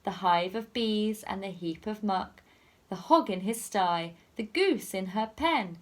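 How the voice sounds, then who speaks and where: A woman's voice: mid-range voice, expressive, a little slow. A woman teacher reading a picture book aloud to children in a sing-song storytelling manner.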